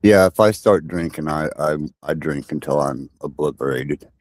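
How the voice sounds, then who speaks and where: Very deep-voiced halting man. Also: a little mellow, no echo. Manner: halting, repeats words, blunt. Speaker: panel guest. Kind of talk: casual online panel chat.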